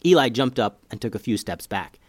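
Male kids' podcast narrator, lively delivery, dry close sound. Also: mid-range voice, fairly quick, dry recording. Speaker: podcast host and storyteller. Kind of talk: children's story narration.

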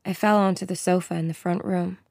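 A woman's voice: lowish voice, steady tone, a little fast, creaky, a little mellow, no room sound. A woman reading an audiobook as narrator, telling the story plainly in the first person, in a dry studio voice-over. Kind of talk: scripted narration.

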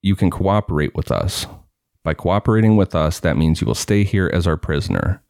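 A cold, dispassionate male kidnapper speaking in a low, even voice, as a man reads his lines aloud. He sounds calm and menacing, and the recording is dry and close. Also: a little fast, gravelly, dry recording, heavily acted.

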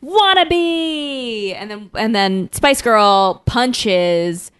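A woman's voice: mid-range voice, lively intonation, measured pace, no room sound. A woman casually recapping an episode on a podcast, acting out the characters' lines with laughter. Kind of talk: casual chat.

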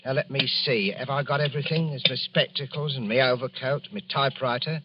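A man's voice: medium pitch, fairly even intonation, fairly quick, background noise, natural voice. A man playing a meek, polite middle-aged lodger who hesitates and stumbles with fillers, in a vintage radio drama. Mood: timid. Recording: dull lo-fi old radio recording.

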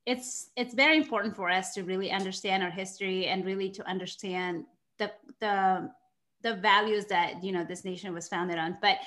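Bright-voiced bilingual woman hosting an interview. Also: medium pitch, steady tone, normal speed. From immigrant to the United States. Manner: earnest, gets emotional and laughs. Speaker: interview host.

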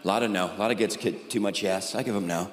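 A man's voice: on the low side, fast. A middle-aged man doing a stand-up routine in a folksy, mock-exasperated drawl, recorded live on a theater stage. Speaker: stand-up comedian. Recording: echoey live hall with audience.

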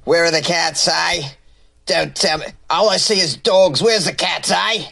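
A man putting on a gruff Aussie crook. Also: a little high, measured pace, bright, forceful tone, exaggerated voice. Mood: demanding. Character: gruff Australian tough guy demanding cats.

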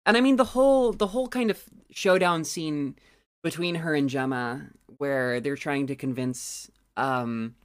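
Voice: mid-range voice, measured pace, clear, resonant tone. A podcast co-host chatting casually and enthusiastically about a film, with a loose, profane way of talking. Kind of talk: casual chat.

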